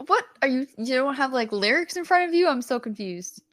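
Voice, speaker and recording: A woman's voice: high-pitched, brisk, no echo, clean studio sound. A woman in her thirties co-hosting a podcast, chatting casually and laughing at herself a lot. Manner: laughing, self-deprecating, animated. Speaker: podcast co-host. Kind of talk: casual chat.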